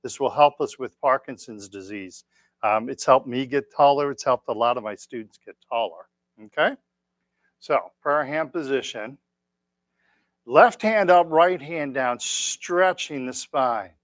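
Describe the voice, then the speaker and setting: A man leading a tai chi class, giving calm, encouraging step-by-step cues. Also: medium pitch, takes it slowly, long pauses, dry recording. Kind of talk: guided exercise class.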